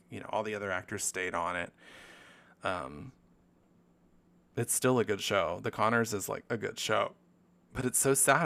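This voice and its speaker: A man's voice: lowish voice, creaky, slight background noise. A man hosting a casual solo podcast, rambling and swearing with self-mocking asides. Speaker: podcast host. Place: living room.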